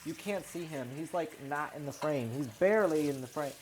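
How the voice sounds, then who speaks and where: In her home kitchen, a woman in her twenties, a vlogger, talks casually into her own microphone near the sink while cleaning up. Her low, darkish voice moves at normal speed as she rambles chattily, packed with "like" and "you know," while faint running water and kitchen sounds murmur in a rough recording with slight background noise.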